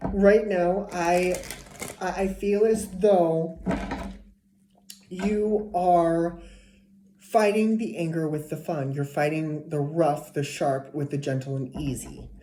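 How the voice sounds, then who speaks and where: In an echoey room with faint noise, a tarot reader gives a casual reading for a zodiac sign. Her voice is on the low side and dark in tone; she's chatty, repeats herself, and sometimes drops to a whisper.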